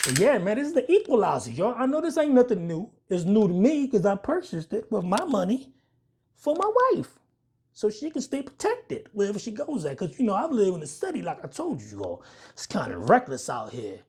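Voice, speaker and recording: Husky man chatting casually to viewers. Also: high-pitched, wildly swooping pitch, normal speed, darkish tone. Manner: rambling, jokey, talks straight to viewers. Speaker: handgun reviewer. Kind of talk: casual vlog chat.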